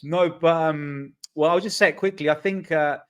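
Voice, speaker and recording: A man's voice: fairly high pitch, steady tone, normal speed, clear, resonant tone. A man from England chatting casually as a co-host, laughing often and talking with fillers and restarts. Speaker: guest co-host, Spain-based channel creator. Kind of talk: casual banter between two hosts.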